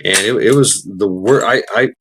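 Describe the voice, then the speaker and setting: A man's voice: on the low side, moderate pace, background noise. A man chatting casually while gaming, rambling with many restarts and fillers, swearing freely.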